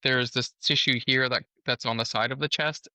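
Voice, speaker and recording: A man's voice: medium pitch, fairly even intonation, normal speed, pushed and bright, no room sound. A man, a surgeon guest on a podcast, explaining things in a patient, educational way.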